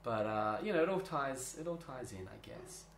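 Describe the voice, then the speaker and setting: Animated man in a roomy space. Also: mid-range voice, normal speed, gravelly, slight background noise. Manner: animated storyteller, laughs often, restarts sentences. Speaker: interview guest, drama teacher. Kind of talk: casual interview chat. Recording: roomy echo.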